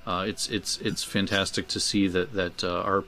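A man co-hosting a casual podcast, talking in a halting way with many restarts. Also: low voice, level tone, pushed and bright. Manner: halting, full of restarts and fillers. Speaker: podcast co-host.

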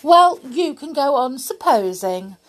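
A woman's voice: on the high side, wildly swooping pitch, takes it slowly, darkish tone, pitched above the performer's own voice, heavily acted. A woman voicing a cheeky, naughty girl doll with a haughty, affected manner, reading a storybook. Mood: smug.

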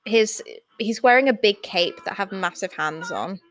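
A young woman chatting casually as a co-host, giggly and quick to react. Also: medium pitch, expressive, a bit bright, no room sound, faint music behind. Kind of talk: casual chat.

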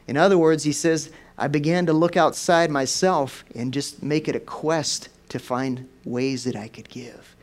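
A man preaching a sermon in a rambling, storytelling way, repeating and restarting words and then rising in pitch and volume for emphasis. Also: unhurried, few pauses. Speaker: pastor.

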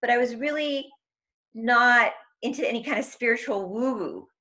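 A young woman, appearing as a guest in an interview, tells an intense personal story in an emotional, tumbling rush, packed with "like" and acted-out quotes. Her voice is a little high, pushed and bright, at a moderate pace.

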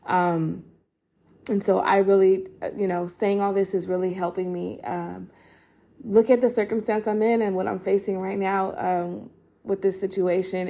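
A woman's voice: mid-range voice, gravelly, warm tone. A young woman hosting a podcast, talking earnestly about faith while emotional and holding back tears, with many ums and restarts. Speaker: podcast host. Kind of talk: casual faith-based encouragement talk.

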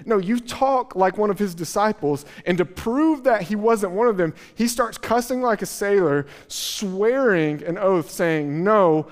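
A male pastor preaching a sermon, retelling scripture in lively, casual voices. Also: on the high side. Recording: long hall reverb.

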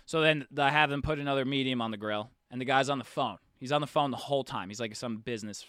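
A young podcast co-host with a fast, mid-range voice casually tells a story, animatedly acting out the people in it and swearing here and there. The studio-quality recording has no echo.

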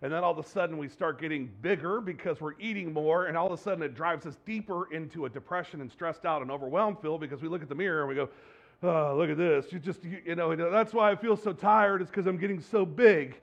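A man with a fairly high voice preaches a sermon as a pastor, talking to his congregation as if chatting with them. He throws out rhetorical questions, trips over words and laughs off his own slips. The sound is dull and lo-fi, with the top end rolled off. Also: quick pace, few pauses. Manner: stumbles and restarts, jokes at his own slips.

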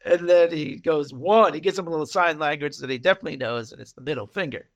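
Man, casual podcast chat, animated retelling, gravelly voice, high pitch. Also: quick pace. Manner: animated retelling, acting out quotes, laughing often. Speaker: podcast co-host recapping a TV episode.

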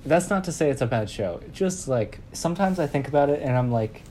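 Mellow-voiced man musing in circles. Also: on the high side, lively intonation, brisk, hardly any pauses, slight background noise. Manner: rambling, hesitant, many fillers. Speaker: podcast co-host. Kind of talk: casual chat.

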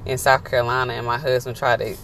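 A woman's voice: a bass voice, flat delivery, quick pace, a crowd in the background. A woman hosting a casual podcast from inside a car, teasing her husband and talking straight to her listeners. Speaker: podcast host. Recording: noisy car interior.

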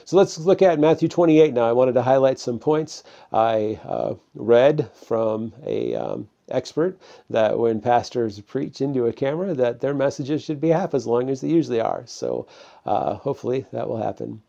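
A man preaches to a camera in a loose, conversational sermon, pausing on fillers as he goes. His voice is gravelly and mellow. The recording sounds dull and lo-fi. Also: medium pitch, big pitch swings. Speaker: pastor.

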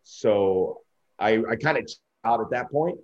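Middle-aged male broadcaster as a podcast guest, low voice on dull lo-fi audio, animated storyteller. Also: unhurried. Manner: animated anecdotes, acting out quoted dialogue. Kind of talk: candid interview storytelling.

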